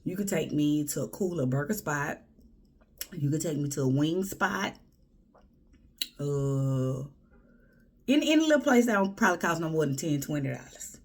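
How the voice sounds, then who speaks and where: Woman from houston ranting blunt advice, gravelly husky voice, keeps sliding into whispers. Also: low-pitched, lively intonation, moderate pace, pauses often, a little mellow. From Houston, Texas. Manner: blunt, sassy, often drops to a whisper. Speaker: vlogger. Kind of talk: casual advice monologue.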